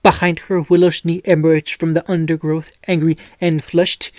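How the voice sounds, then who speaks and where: A mid-pitched storyteller reads a fan-fiction tale aloud in a dry, dead-sounding space. The reading is casual and often stumbles, doubling back on words before carrying on. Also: little pitch movement, normal speed, darkish tone, no echo. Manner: frequent stumbles and restarts while reading. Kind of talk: storytelling reading with light character voices.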